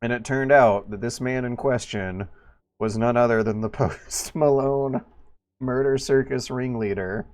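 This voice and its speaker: A man's voice: mid-range voice, a little slow, darkish tone. A man casually commentating a live game stream, rambling and joking as he goes.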